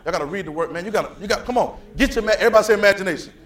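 A man preaching a sermon, talking casually to the congregation, repeating himself and building to loud fervor. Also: sits high, very fast, echoey room, a crowd in the background. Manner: casual, repetitive restarts.

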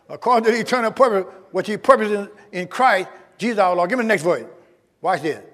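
A man's voice: sits high, a bit bright, long reverb tail. A male pastor preaching a sermon with emphatic call-and-response to his congregation, in a church sanctuary.

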